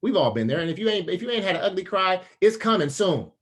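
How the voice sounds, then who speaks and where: A man's voice: fast talker, breathy edge. A man in his thirties giving a motivational talk as a storyteller, casual and slangy, acting out the other people's voices. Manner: animated storyteller, acts out voices with big pitch jumps. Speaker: motivational speaker.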